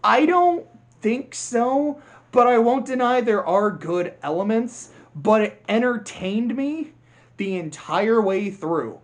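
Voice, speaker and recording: Male vlogger, higher voice, casual rambling film review, quick to laugh. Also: very animated. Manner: rambling, self-interrupting, laughs often. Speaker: video creator.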